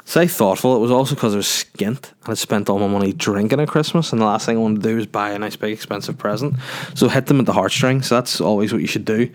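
A man's voice: fairly low pitch, fast talker. A man hosting a solo podcast in a rambling, jokey, sweary casual chat. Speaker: podcast host.

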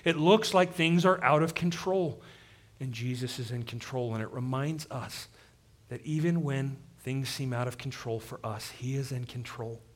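A man preaching a sermon as pastor, shifting between energetic emphasis and quiet, intense moments. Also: mid-range voice, normal speed.

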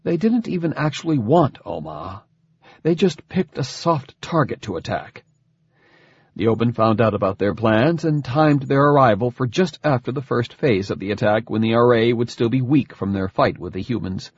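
A man voicing a calm scientist father. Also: mid-range voice, normal speed, husky, no room sound, dull audio. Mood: explaining.

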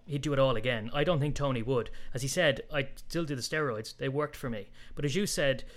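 A man's voice: medium pitch, brisk. A man chatting casually as a podcast co-host about sports, talkative and fond of telling jokes. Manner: chatty, tells jokes with put-on voices.

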